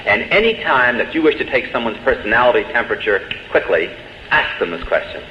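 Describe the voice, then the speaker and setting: A man's voice: mid-range voice, sing-song, a little fast. A man giving a humorous public lecture to a live audience, telling jokes and putting rhetorical questions to his listeners. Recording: dull old tape in an echoey hall, faint hiss.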